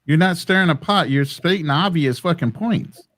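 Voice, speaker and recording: Blunt, impatient man with a higher voice. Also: moderate pace, fairly bright tone. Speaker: host. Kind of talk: heated live-stream debate.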